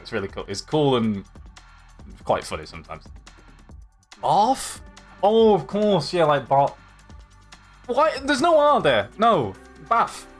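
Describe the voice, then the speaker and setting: A chatty young man with a light Yorkshire accent rambles through a casual live stream. His pitch sits a little high and swings in lively jumps, and he laughs easily as he reads out chat, with faint music playing behind him. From Yorkshire, England. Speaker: livestream host.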